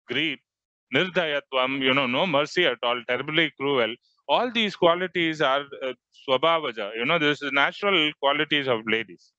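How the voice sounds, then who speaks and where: Man lecturing on scripture, bright. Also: medium pitch, no room sound. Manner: explanatory, peppered with "you know". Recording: dry, slightly muffled recording.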